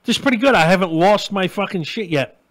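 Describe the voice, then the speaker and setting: A middle-aged man hosts his own live online show, talking straight to his viewers in a blunt, crude, ranting way. His voice sits high for a man. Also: fast, a bit bright. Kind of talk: live-stream rant and chat.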